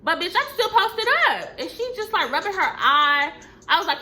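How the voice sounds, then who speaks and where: A young woman telling a storytime vlog in a blunt, profane, animated way. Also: extremely high pitch, moderate pace, a little hiss or hum. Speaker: vlogger.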